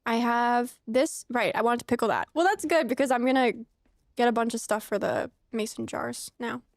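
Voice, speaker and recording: A woman's voice: on the high side, moderate pace, gravelly, no echo, clean studio sound. A young woman streaming a game, chatting casually with rambling asides and frequent laughter. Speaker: streamer playing a farming game. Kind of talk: casual let's-play chat.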